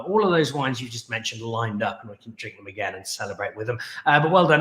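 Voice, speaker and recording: Bright-voiced man hosting a wine show. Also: mid-range voice, echoey room. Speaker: show host.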